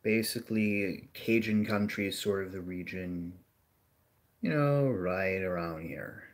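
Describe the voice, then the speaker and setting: A man's voice: sits low, a little slow. A man giving a casual geography lecture over a map, rambling with many fillers and restarts. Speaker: geography educator.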